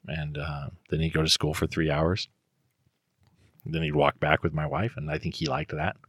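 A middle-aged man chatting casually on a podcast, telling family stories in a relaxed way with fillers. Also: extremely low pitch, moderate pace, slightly rough, no echo, clean studio sound. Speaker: guest.

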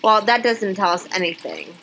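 A woman co-hosting a podcast, chatting casually and reading funny news stories aloud with lively exclamations. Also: medium pitch, moderate pace, a little hiss or hum, rough recording. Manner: chatty, animated, reacts with exclamations. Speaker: podcast co-host.

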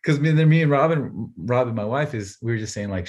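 A man in his thirties, a podcast co-host, telling a family story in a casual, animated way and laughing often. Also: mid-range voice, a little fast. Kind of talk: casual chat.

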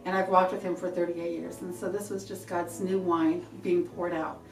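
A middle-aged woman giving an earnest, halting church testimony, often repeating herself. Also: fairly low pitch, flat delivery, creaky. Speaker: testifying believer. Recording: echoey room from a distance, faint music.

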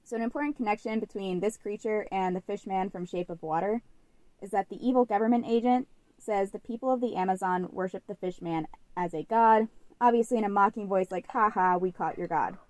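A woman's voice: medium pitch, a little fast, mellow, no room sound. A young woman co-hosting a podcast, telling a story in a chatty, casual way full of "like" fillers. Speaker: podcast co-host.

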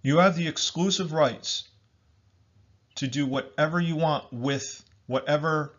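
A man's voice: fairly high pitch, unhurried, a bit bright. A man delivering an emphatic political monologue, repeating himself and calling his listeners folks. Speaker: commentator. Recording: dull lo-fi recording.

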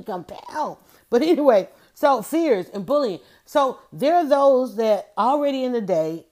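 A woman's voice: mid-range voice, darkish tone. Woman host, mid-range voice, casual and folksy, rambling delivery full of asides. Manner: rambling and conversational, with frequent restarts and asides; folksy and emphatic, often asking "right?". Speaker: host speaking to an audience. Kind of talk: casual spoken talk.

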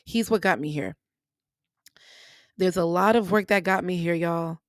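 A woman with a lowish voice hosts a personal faith podcast, speaking earnestly and emotionally. She repeats phrases for emphasis, and her speech has features. The sound is dry and close, with no room echo. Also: unhurried. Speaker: podcast host. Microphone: podcast microphone.

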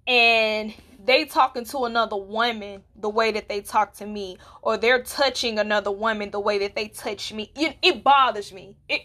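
A woman talks straight to her podcast listeners. Her voice is bright and forceful and sits a little high. She speaks bluntly and keeps asking whether they understand what she means. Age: 20s. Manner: candid and blunt, with rhetorical check-ins. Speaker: podcast host. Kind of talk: casual solo podcast talk.

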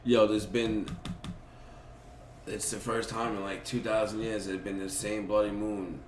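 A man's voice: on the low side, level tone, unhurried. A man co-hosting a podcast, joking around in playful, casual banter. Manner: playful, goofy, jokes around. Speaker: podcast co-host. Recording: echoey room, distant mic, faint noise.

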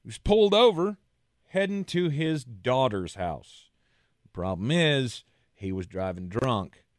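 A man co-hosts a sports talk show and tells news stories in a loose, chatty way. He laughs often. His voice is mid-pitched, and the room sounds dry. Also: animated, measured pace, no echo. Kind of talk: casual podcast banter.

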